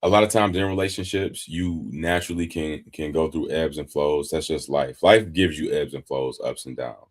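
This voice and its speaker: A man from Detroit co-hosting a relaxed podcast with his wife, easygoing and explaining things in long, loose runs. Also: very deep voice, normal speed. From Detroit, Michigan. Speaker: podcast co-host. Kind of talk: casual chat.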